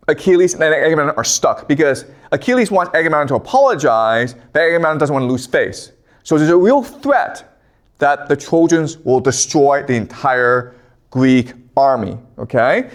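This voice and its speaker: Guy teaching, chatty, keeps saying okay, voice jumps up and down a lot. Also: on the high side. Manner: conversational, tags lines with "okay?". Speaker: lecturer. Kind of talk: casual storytelling lecture.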